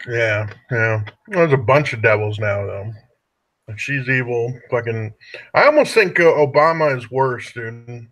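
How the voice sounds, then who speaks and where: A man's voice: mid-range voice, lively intonation, measured pace, fairly bright tone. Casual male podcast host, rambling and foul-mouthed. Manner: profane, rambling, drops "dude" often. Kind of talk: casual political chat.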